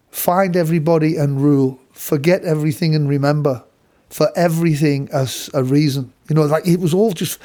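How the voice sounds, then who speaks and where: A man's voice: fairly high pitch, dark tone. A man, a session guitarist from England, telling a studio story casually with many restarts and some swearing.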